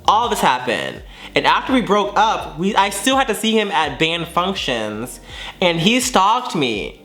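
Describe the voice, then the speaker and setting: A man's voice: high-pitched, very animated, measured pace, pushed and bright, soft background music. A man in his twenties telling a dramatic storytime to his viewers, profane and theatrical. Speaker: vlogger. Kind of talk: casual storytime.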